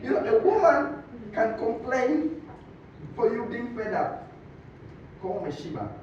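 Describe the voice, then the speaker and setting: A man with a Tanzanian accent doing a stand-up comedy routine, telling animated stories and slipping into Swahili. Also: very high-pitched, unhurried, a little hiss or hum. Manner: animated storytelling, switching between English and Swahili. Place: comedy club stage. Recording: echoey distant muffled club recording.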